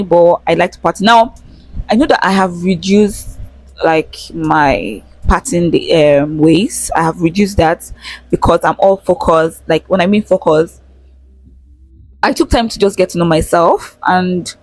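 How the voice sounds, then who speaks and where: A woman's voice: fairly low pitch, a little mellow, no room sound. A young Nigerian woman vlogging in a casual, frank, chatty way, swearing freely and laughing often, speaking into a handheld phone with a small mic. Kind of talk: casual chat to camera. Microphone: phone held in hand with small attached mic.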